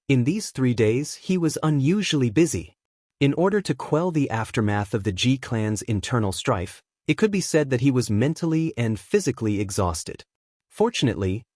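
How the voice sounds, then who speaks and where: A male narrator reads an audiobook in a steady, even delivery. His voice sits at an ordinary pitch. The recording is dry and close. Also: no echo. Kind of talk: scripted narration.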